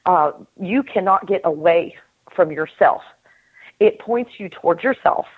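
A woman's voice: fairly low pitch, a little slow, slightly rough. Earnest middle-aged woman on a tinny phone line. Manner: earnest, animated, laughs often, acts out inner voices. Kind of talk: casual spiritual conversation.

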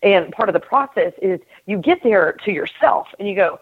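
A middle-aged woman hosting a casual spiritual conversation, earnest and animated, laughing often and acting out inner voices. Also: mid-range voice, moderate pace, slightly rough. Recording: tinny phone-line call audio.

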